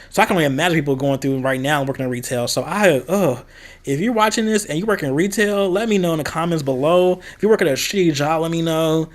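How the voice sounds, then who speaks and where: A young man from the American Midwest, talking candidly in a casual vlog and venting about a past job. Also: fairly high pitch. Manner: candid, venting, quoting others in a raised voice. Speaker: vlogger.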